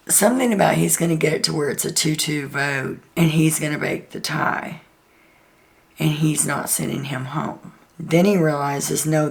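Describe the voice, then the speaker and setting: A woman's voice: sits low, creaky. A woman host chatting through a casual, gossipy recap of a reality show, full of "like" and "um".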